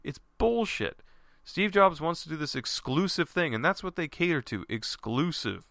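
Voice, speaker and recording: A man rants angrily, cursing often and restarting his sentences as he rambles along. His voice is bright and forceful, climbing and swooping in pitch. The sound is close and dry. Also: expressive, moderate pace, gravelly, no echo. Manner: angry, profane, rambling with restarts. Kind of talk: ranting monologue.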